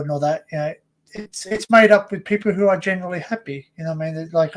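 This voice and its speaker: A man's voice: a little high, fairly quick. A man with an Australian accent, chatting casually and telling rambling stories full of fillers. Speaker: co-host. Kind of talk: casual chat.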